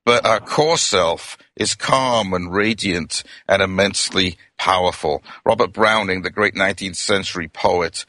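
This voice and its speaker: A middle-aged man from Wales with a Welsh accent, giving a gentle, reflective sermon as a minister. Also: low voice, measured pace, few pauses, dry recording. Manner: gentle, reflective, addresses listeners as friends.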